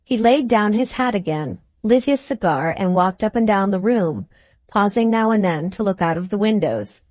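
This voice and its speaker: A woman narrating a classic novel at a steady, measured pace, her voice in a middling register. The recording is dry and close, with no room sound at all. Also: medium pitch, no echo. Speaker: audiobook narrator. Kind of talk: scripted narration.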